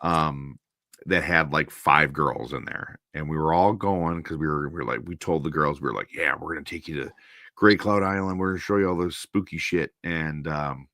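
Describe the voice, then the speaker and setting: Deep-voiced man telling a rambling story. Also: normal speed, dry recording, studio quality. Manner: rambling, animated anecdote with quoted voices. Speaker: host. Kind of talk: casual storytelling on a stream.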